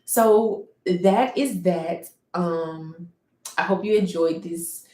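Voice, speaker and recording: Reflective woman with a low voice. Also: drawn-out words, darkish tone. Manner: reflective, searching for words, many fillers and restarts. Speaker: painter livestreaming. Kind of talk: personal storytelling on a livestream. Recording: roomy echo.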